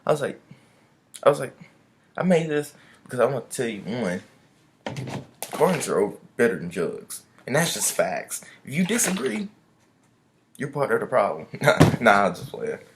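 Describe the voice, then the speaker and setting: A man's voice: mid-range voice, sing-song, normal speed, long pauses, slight background noise. A young man vlogging a casual storytime rant, loose and chatty, full of "I was like" and slang.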